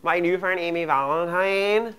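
A man's voice: sits high, moderate pace, bright, forceful tone, clean tone. A man playing a bratty valley-girl teen. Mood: gossipy. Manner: valley-girl talk, constant "like", gossipy. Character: bratty teenage girl baker, petty and dramatic. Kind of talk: mockumentary comedy monologue.

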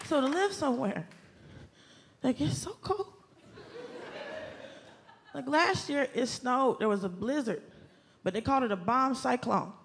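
High-voiced woman doing stand-up. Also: a little slow, vocal fry, long pauses, a little hiss or hum. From Southern US, Atlanta. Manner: animated, exasperated, shouting punchlines and mimicking voices. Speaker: stand-up comedian. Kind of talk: stand-up comedy. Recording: club stage mic with loud crowd laughter. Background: audience laughter and ambience.

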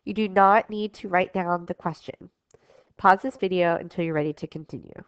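A woman's voice: on the low side, normal speed, dry recording. Woman teacher narrating a storybook for class, dry and dull lo-fi sound. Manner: clear expressive reading, instructive. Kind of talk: storybook read-aloud lesson.

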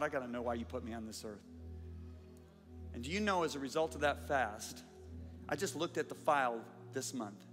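Middle-aged male preacher, bright forceful delivery, big hall reverb under soft music. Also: a little high. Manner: animated storytelling, swings from shouting to quiet. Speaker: pastor. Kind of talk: sermon. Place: large church or auditorium.

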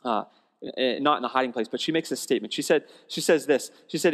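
A male pastor preaching a sermon in a conversational, animated storytelling way, often restarting phrases, in a church sanctuary. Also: mid-range voice, quick pace. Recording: long church hall reverb.

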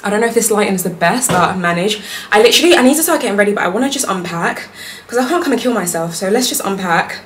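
A woman's voice: medium pitch, rapid-fire. A young woman talking casually to her viewers in a chatty vlog. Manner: chatty and animated, talks to viewers. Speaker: vlogger. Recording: echoey room with noise.

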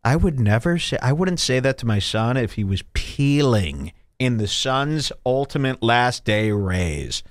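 A man hosting a comedy podcast, ranting in a mocking, sarcastic way and jumping into put-on high voices. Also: animated, measured pace, few pauses, no echo, clean studio sound. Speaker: podcast host. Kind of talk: provocative comedy podcast rant.

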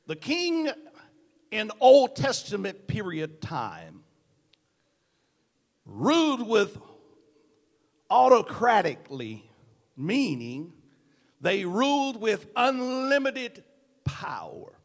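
A man with a Southern US accent preaching a sermon in a church, swinging from quiet, prayerful lines up to loud, shouted declarations. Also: high-pitched, huge pitch swings, very slow, long pauses, in a large hall. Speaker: pastor. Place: church sanctuary.

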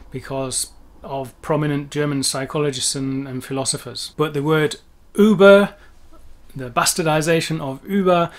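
A man explaining word pronunciations as a language teacher, careful and wordy with frequent asides. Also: on the high side. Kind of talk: educational explainer.

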